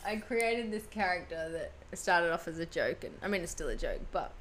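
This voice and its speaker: A woman's voice: fairly low pitch, lively intonation, moderate pace, a bit bright. A young Australian woman, an actress, chatting about her work and laughing often as she tells stories. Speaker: actress guest. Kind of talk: casual chat. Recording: faint background noise.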